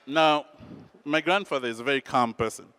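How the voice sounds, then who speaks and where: A man telling a personal story in an animated, dramatic, self-mocking way. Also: medium pitch, brisk, smooth, no room sound.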